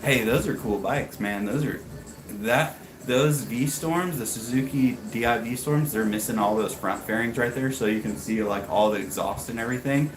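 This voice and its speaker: A man's voice: medium pitch, normal speed, reverberant, noisy background. A man in his thirties from the United States, chatting casually with viewers on a livestream and greeting them by name. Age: 30s. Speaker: livestream host. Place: home garage.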